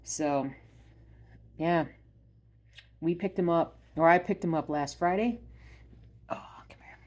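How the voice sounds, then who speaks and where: Low-voiced woman chatting casually at home. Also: slow pace. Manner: rambling and hesitant, with many ums and uhs; soft-spoken, drops to a murmur when addressing her dog. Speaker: stitching vlogger. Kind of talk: casual chat. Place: at home by her stitching spot.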